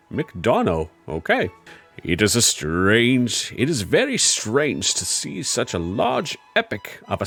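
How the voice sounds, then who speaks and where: A man's voice: lowish voice, a bit bright. A man hosting a comedy show, reading online reviews aloud and breaking off with sarcastic, mocking asides. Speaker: host.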